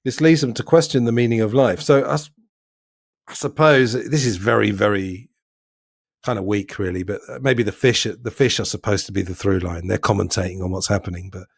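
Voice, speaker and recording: A man's voice: lowish voice, a little fast, gravelly, no room sound. Podcast host man, dry close sound. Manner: leads the talk, musing and a bit hesitant. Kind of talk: casual film discussion.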